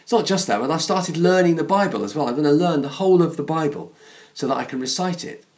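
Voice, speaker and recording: A man's voice: a little high, lively intonation, fast talker, darkish tone. A man voicing a chatty, boastful talking male dog in a joke told during a sermon. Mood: breezy boastful. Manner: breezy, casual boasting.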